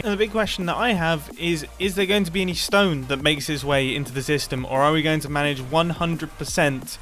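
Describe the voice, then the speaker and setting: A young man with a fairly high voice talks through his Minecraft game in casual, playful commentary. He is excitable and self-mocking, and he often rushes his words. Faint music plays underneath. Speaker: Minecraft video creator.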